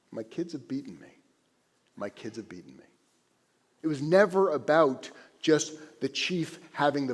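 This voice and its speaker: Animated rabbi in an echoing sanctuary. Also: male voice, mid-range voice. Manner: animated storyteller, conversational. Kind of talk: sermon. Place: synagogue sanctuary. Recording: echoey sanctuary.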